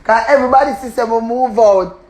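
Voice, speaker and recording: A woman with a Jamaican accent, a tenant loudly cursing and taunting her landlord in patois during a real-life argument, breaking into laughter between insults. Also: fairly high pitch, fast talker, slight background noise. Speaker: tenant in a dispute.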